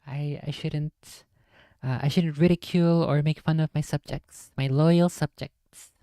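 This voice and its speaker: Low voiced lady streamer reading a book, jokey asides, dry close mic. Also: fairly even intonation, measured pace, dark tone, dry recording. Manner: playful, self-mocking asides.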